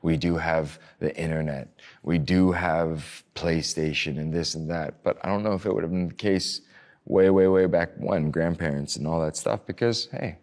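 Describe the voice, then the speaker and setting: A man speaks as a guest in a casual interview. His voice sits quite low and deep. He talks in a loose, rambling way, full of fillers and restarts, with the odd swear word thrown in. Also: moderate pace, darkish tone. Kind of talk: casual conversation.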